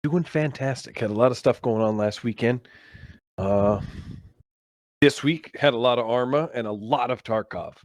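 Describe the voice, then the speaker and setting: A man's voice: medium pitch, normal speed, dry recording. Young male co-host, casual rambling chat, swears a lot, close dry mic. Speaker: podcast co-host.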